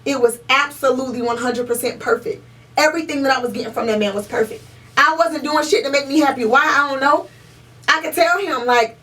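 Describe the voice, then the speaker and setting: This podcast co-host is a young woman whose somewhat high voice comes out fairly quick and fairly bright as the casual talk in the room turns heated. Emphatic and profane, she repeats herself to hammer each point. Her distance from the mic leaves her sounding slightly far off.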